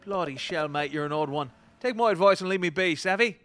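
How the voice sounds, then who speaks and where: A man's voice: high voice, fairly quick, a bit bright, a little hiss or hum. A man voicing a gloomy loner male crab who talks brusquely in sailor slang in a video game. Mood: gruff.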